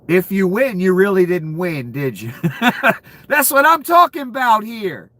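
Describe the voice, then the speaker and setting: A man's voice: sits high, very animated, unhurried, pushed and bright, dry recording. A man giving ranting commentary, profane and incredulous, laughing between outbursts. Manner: profane, incredulous, calls the listener "son".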